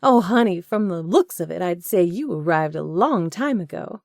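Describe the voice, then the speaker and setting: A woman's voice: fairly high pitch, sing-song, measured pace, dark tone, no echo, clean studio sound, pitched above the performer's own voice. A woman putting on a gushing, flirty blonde.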